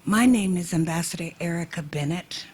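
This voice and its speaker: A woman from the United States who serves as an ambassador, giving an emotional memorial speech at a slow, measured pace and repeating key phrases for emphasis. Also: on the low side, darkish tone, slight background noise.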